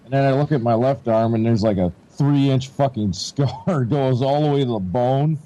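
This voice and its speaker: A man's voice: medium pitch, normal speed, mellow, poor audio. A man telling a rambling personal story in casual chat, swearing and laughing as he goes. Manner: laid-back rambling storyteller, swears, laughs often, acts out quotes. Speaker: podcast co-host.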